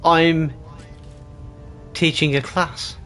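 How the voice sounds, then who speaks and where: A man's voice: on the high side, little pitch movement, drawn-out words, over music. A man streaming a co-op game with friends, joking and laughing often in casual banter over a headset mic.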